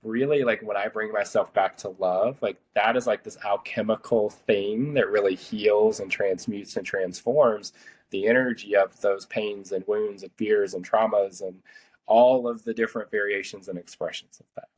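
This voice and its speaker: A man around thirty tells a personal story on his podcast in a relaxed, rambling way. His voice sits low and has a slightly husky edge. He fills his sentences with "like" and circles back as he thinks. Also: normal speed. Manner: chatty, rambling, heavy use of "like". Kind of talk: casual storytelling conversation.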